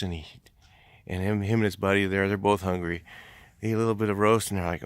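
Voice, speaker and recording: A man's voice: lowish voice, steady tone, quick pace, smooth, no echo. A man, a house painter, telling a story casually, rambling with many restarts.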